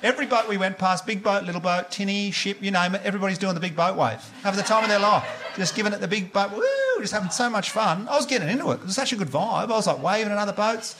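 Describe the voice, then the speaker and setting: A man's voice: sits high, fast talker, few pauses. A man with an Australian accent doing a stand-up comedy set in a club, telling chatty stories and teasing the crowd on a handheld mic. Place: comedy club stage with live audience.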